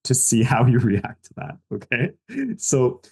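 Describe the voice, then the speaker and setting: A man's voice: medium pitch, huge pitch swings, a little slow, darkish tone, breathy edge. A man narrating a tabletop game as game master, casual and rambling with lots of fillers.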